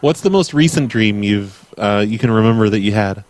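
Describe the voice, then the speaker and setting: A man's voice: on the low side, expressive, brisk, darkish tone, slight background noise. A man hosting a live prank call show, teasing a caller in a mock-earnest way.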